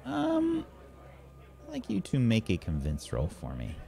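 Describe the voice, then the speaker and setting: A man acting as game master, narrating the scene in a relaxed, meandering way with many fillers. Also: medium pitch, unhurried, vocal fry.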